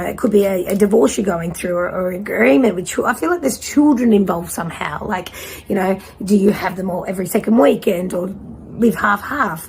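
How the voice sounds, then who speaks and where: A woman giving a pick-a-card tarot reading in a blunt, casual way, swearing freely and pausing to guide the listener. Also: lowish voice, creaky, darkish tone, slight background noise. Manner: casual, conversational with guided pauses. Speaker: tarot reader.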